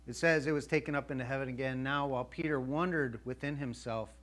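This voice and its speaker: A man's voice: mid-range voice, fairly even intonation, fast talker, a bit bright. A male pastor preaching a sermon in a conversational way, acting out the voices of a Bible story and checking in with his listeners. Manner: checks in with the audience.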